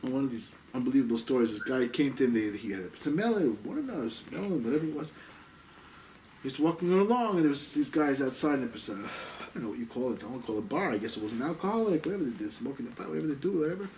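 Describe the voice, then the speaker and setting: A man teaching a Torah class as a rabbi, telling stories excitably, dropping in Yiddish and Hebrew terms and acting out the people in them. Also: fast. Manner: excitable, acts out quoted people with sudden jumps in pitch. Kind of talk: animated storytelling Torah class. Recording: distant mic with faint background noise.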